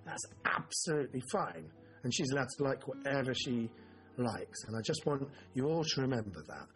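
A man co-hosting a podcast, chatting casually about films in a mid-pitched voice. He rambles, restarts his sentences and drops the odd swear word, while faint music sits under his speech. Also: big pitch swings, moderate pace. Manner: rambling, self-interrupting, swears. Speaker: podcast co-host. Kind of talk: casual film chat.

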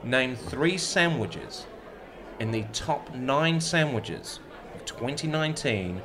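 A man's voice: mid-range voice, animated, slow pace, background noise. A man with a New Zealand accent hosting a playful, casual chat. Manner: playful, chatty.

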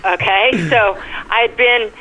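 A woman's voice: medium pitch, slow, sharp tone, poor audio. A woman with a New York accent, a guest telling stories with flirty animation. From United States. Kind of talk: phone-in interview.

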